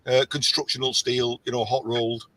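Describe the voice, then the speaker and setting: A man's voice: medium pitch, flat delivery, fairly quick, sharp tone, rough recording. An Irish man in his sixties rambling through stories in casual chat, with stop-start phrasing. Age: 60s. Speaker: scrapper on a live chat.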